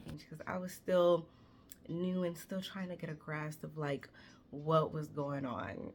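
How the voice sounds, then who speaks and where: A woman around thirty telling a story on her vlog in a chatty, animated way, swearing freely and talking straight to her viewers. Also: deep voice, unhurried.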